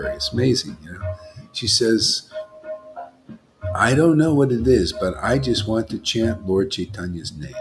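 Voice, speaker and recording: A man with a low voice gives a loose, informal devotional talk as a monk leading a gathering. He rambles and keeps checking in with his listeners, while clear instrumental music plays behind him. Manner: rambling, keeps asking listeners "you know?".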